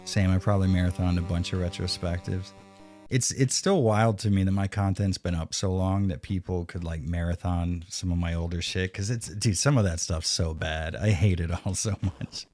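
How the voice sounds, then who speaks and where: A man's voice: sits low, steady tone, normal speed, darkish tone, faint music behind. A man streaming a retro video game live, chatting casually with profane, sarcastic banter. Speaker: streamer playing a retro game and reading chat.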